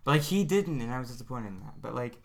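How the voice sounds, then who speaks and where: A man's voice: mid-range voice, animated, fast talker. Rambling podcast guy telling stories. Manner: rambling, filler-heavy storytelling. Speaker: podcast co-host. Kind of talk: casual chat.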